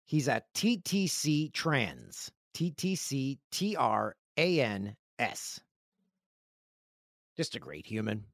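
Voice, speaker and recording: Male podcast host, rambling and jokey, animated pitch, dry close sound. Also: slow, no echo. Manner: joking, rambling storyteller. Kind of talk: casual chat.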